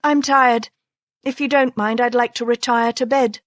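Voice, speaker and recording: A woman voicing a sharp-tongued aristocratic Regency wife, crisp, haughty and argumentative, in an audiobook. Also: a little high, fairly even intonation, moderate pace, no room sound, voice pushed up, lightly acted.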